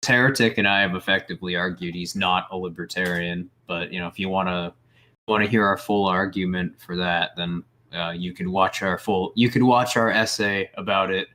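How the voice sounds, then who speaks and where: Emphatic man with a bright, forceful voice. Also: low-pitched, normal speed. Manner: emphatic, restarts phrases, animated. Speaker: co-host. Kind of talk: casual political commentary.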